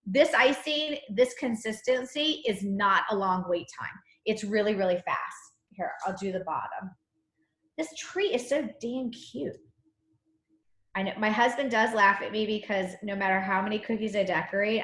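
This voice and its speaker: A woman's voice: mid-range voice, moderate pace, fairly bright tone. A woman teaching a live online cookie decorating class, chatty and bubbly, with a slight cough. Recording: echoey room.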